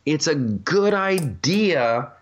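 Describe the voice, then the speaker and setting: A man's voice: fairly high pitch, big pitch swings, extremely slow, dull audio. A man hosting a casual, comedic podcast chat, rambling through stories with many restarts and laughs. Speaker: podcast host.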